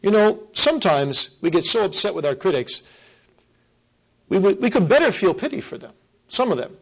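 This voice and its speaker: A man preaching a sermon, earnest and emphatic, repeating key phrases and slowing down to stress them. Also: high voice, sing-song, rough recording.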